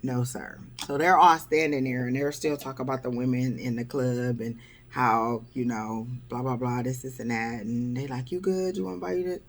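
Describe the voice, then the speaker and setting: A woman's voice: rumbling low, flat delivery, normal speed. A woman vlogger telling dating stories in a wry, blunt, exasperated way. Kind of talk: casual storytelling vlog.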